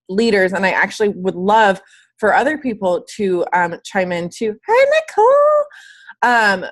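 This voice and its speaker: A woman fitness coach talks to her team over a call from bed at home. She is sick and a little wheezy, but she stays upbeat and emphatic, leaning on casual slang. Her voice sits at a middle pitch for a woman. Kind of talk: casual motivational talk.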